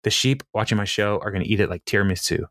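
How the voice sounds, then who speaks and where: A man's voice: lowish voice, fast, fairly bright tone, dry recording, studio quality. A man chatting casually on a podcast, retelling a TV episode with frequent laughs and fillers. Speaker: podcast co-host. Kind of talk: casual chat recapping a TV episode.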